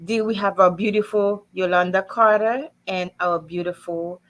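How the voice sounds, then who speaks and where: A woman hosting a casual online chat show, lively and chatty, laughing often. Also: mid-range voice, moderate pace.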